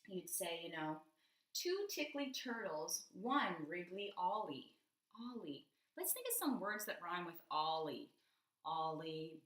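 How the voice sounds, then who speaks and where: A woman explaining how to teach children rhyme and sounds through storybook reading, reading lines aloud slowly and stretching the rhyming words. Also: lowish voice, pushed and bright. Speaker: literacy educator. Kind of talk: instructional demonstration with storybook reading. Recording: echoey room.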